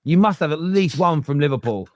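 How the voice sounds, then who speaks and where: A man's voice: on the high side, lively intonation, fairly quick, dry recording, studio quality. A man with a London accent hosting a casual football podcast, chatting and reading viewer comments aloud. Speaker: podcast host. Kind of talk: casual panel chat.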